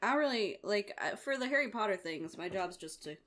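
Woman, movie review co-host, lively pitch, laughing filler-heavy casual chat. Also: fairly quick.

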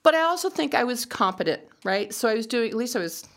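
A woman's voice: on the high side, fast. A woman in her sixties, a judge, telling stories in a conversational interview, laughing often and acting out her own past thoughts. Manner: animated, laughs often, acts out quoted thoughts.

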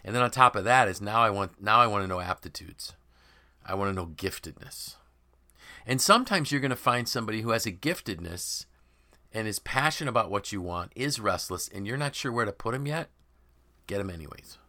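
A man hosting a podcast, talking in an emphatic, animated way and voicing imagined people's quotes. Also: lowish voice, brisk. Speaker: podcast host and author. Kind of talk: conversational podcast discussion.

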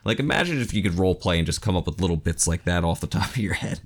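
A man co-hosting a podcast who reads a passage aloud in a measured way, then comments in a loose, chatty manner. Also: low voice, animated. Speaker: podcast co-host. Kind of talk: reading aloud, then casual discussion.

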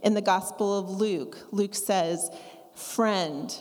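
A woman preaching a sermon, talking conversationally and acting out scripture quotes with lively asides. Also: medium pitch, slow pace. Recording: long reverb of a large hall.

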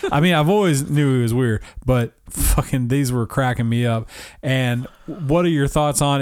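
A man's voice: medium pitch, dry recording, clean studio sound. A man co-hosting a podcast in loose, rambling casual chat, laughing often and swearing now and then. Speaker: podcast co-host.

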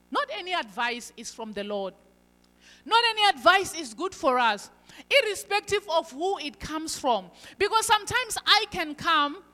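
Woman preacher, high bright voice, emphatic delivery, long hall reverb. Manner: emphatic, swinging between loud stresses and quiet asides. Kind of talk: sermon.

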